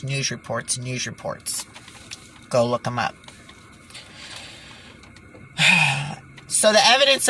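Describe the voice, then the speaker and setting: Woman, low voice, slow delivery, exasperated, sighing, indignant vlog commentary, faint background hiss. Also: fairly bright tone. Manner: exasperated, sighing, stumbles over words. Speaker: channel host.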